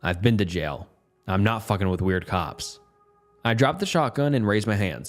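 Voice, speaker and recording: A man's voice: fairly low pitch, lively intonation, normal speed, soft background music. A man narrating a first-person story in a tense, matter-of-fact way.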